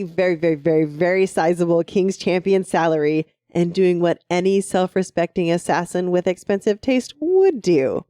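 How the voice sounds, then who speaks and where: Give me a woman co-hosting a book podcast with a mellow tone, enthusiastic and chatty, her voice close and dry. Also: lowish voice, clean tone, no room sound. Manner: gushing, laughing recap. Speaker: podcast co-host. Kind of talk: casual book discussion.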